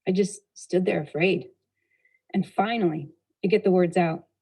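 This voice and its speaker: A woman giving a motivational talk, telling a personal story with a lively, expressive delivery. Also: on the low side, moderate pace, slightly rough, rough recording. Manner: expressive storyteller, shifting pace and loudness, laughing at herself. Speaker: motivational speaker.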